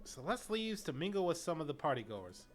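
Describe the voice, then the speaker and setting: A woman's voice: low-pitched, big pitch swings, a little fast. A woman streamer reading a video game's story aloud in a casual way. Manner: casual, reads story text then chats. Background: faint game music.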